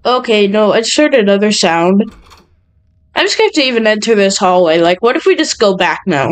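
A young woman hosts a horror game let's play on her channel, nervous and jumpy as she talks to her viewers. Her mid-range voice has lively intonation and a normal speed, and the recording sounds rough.

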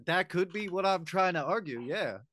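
A man's voice: sits high, lively intonation, moderate pace, fairly bright tone, slight background noise. A man playing at a tabletop game, arguing a rule point in an arch, mock-formal way. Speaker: player. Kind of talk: casual game-table chat.

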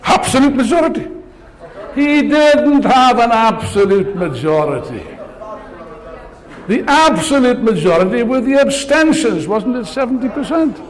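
A man's voice: extremely high pitch, big pitch swings, unhurried. An older man giving a rousing political speech, sarcastic and full of rhetorical questions, before an audience in a large hall. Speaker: political speaker.

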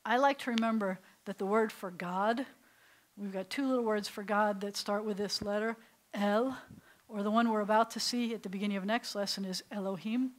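A middle-aged woman rabbi teaching a beginners' Hebrew class, patient and playful, slowly sounding out syllables for students. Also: medium pitch, steady tone, poor audio. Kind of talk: classroom language lesson.

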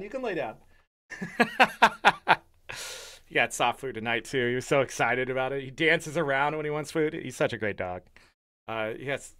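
A male streamer chatting casually and warmly gushing about his pet during a live game stream. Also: mid-range voice. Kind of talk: casual livestream chat.

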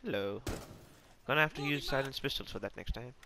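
A man hosting a gaming channel, giving live, excitable and self-mocking commentary as he plays, talking to teammates and enemies. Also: medium pitch, brisk, a little hiss or hum.

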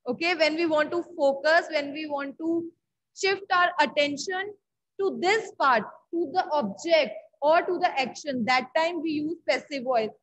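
A high-pitched woman with an Indian English accent leads an online class on English grammar, captured on a rough recording. She keeps repeating key words and often checks whether her students follow along.

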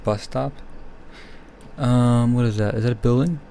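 A man's voice: medium pitch, measured pace, vocal fry, mellow, slight background noise. A young man giving nervous running commentary while playing a horror game, often dropping to a whisper. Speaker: gaming streamer.

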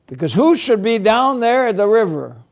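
A man teaching a children's church Bible lesson, gently reassuring as he tells the story and prays. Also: high voice, big pitch swings, moderate pace.

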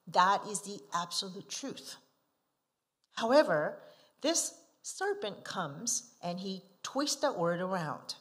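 Slow-preaching woman missionary. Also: mid-range voice, very animated. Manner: asks the listeners frequent rhetorical questions; emphatic, swinging from soft asides to forceful stresses. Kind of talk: sermon.

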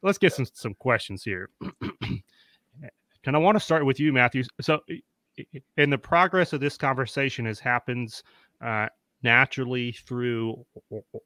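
A man's voice: medium pitch, normal speed, pushed and bright, no echo, studio quality. A man hosting a live-streamed panel interview, chatty and upbeat, greeting viewers by name. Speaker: host.

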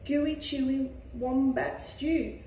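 A woman's voice: high-pitched, fairly even intonation, slow pace, dark tone, slight background noise. A woman with an Australian accent voicing a sly, boastful male dingo cooking a stew in a storybook reading. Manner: cheerful and scheming. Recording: echoey room, far from mic.

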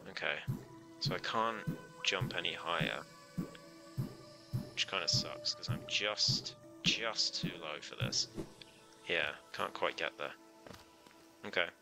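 A low-pitched man talks through his gameplay in a loose, chatty way, his voice rising and falling with lively swings. He laughs easily and reacts aloud to every jump and stumble, with game music playing clearly behind him. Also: slow pace, pauses often. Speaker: streamer. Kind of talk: casual live gameplay commentary.

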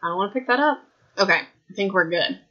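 A woman with a hoarse, raspy throat rambles through a casual podcast from her home. She is chatty and self-mocking and keeps saying "like". Her voice is bright and pointed, and the home recording sounds a little dull. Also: medium pitch, animated, fast talker. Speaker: podcast host. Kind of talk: casual chat, rambling book summary.

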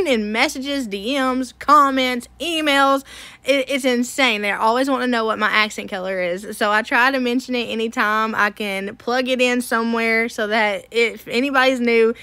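A woman's voice: fairly high pitch, bright, forceful tone, no echo. A woman, from Tennessee, chatting casually to her viewers as a home makeover vlogger, self-deprecating and laughing often. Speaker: home makeover vlog host. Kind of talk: casual chat to camera.

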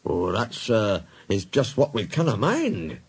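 A man's voice: on the low side, huge pitch swings, unhurried, a little hiss or hum. A man voicing two cheeky engine twins with a broad Scottish accent, sounding innocent while being sly.

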